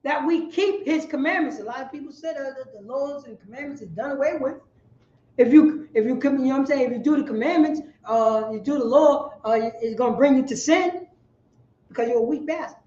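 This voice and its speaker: A man leads a Bible class in a high voice, driving each point home by saying it twice. The sound is dull and lo-fi, and the room rings with echo. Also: fairly quick. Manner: forceful, preachy, repeats lines for emphasis. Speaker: class teacher.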